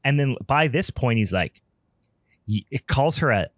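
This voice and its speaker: On a podcast, a male co-host retells movie scenes casually and sarcastically, laughing often during the film review chat. His mid-range voice is a little slow and a bit bright, with lively intonation, recorded in clean studio sound with no echo.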